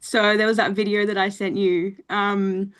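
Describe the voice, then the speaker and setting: A young woman talking as a podcast guest, relaxed and plain-spoken, laughing often and saying "like" a lot. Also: mid-range voice, normal speed, clear, resonant tone. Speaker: coaching client guest. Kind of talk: casual interview chat.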